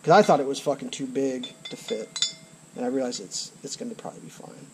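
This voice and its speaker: This vlogger's voice is mid-range, gravelly, animated, and a little fast as he rants angrily to the camera outdoors near a trailer. Frustrated, he swears often and keeps repeating himself, with background noise in the recording.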